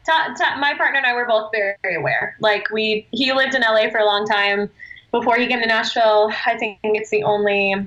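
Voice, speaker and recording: Bright-voiced earnest woman guest. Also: fairly high pitch, fairly quick, highs cut off. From Australia. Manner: earnest, expressive, swears casually. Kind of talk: casual interview chat.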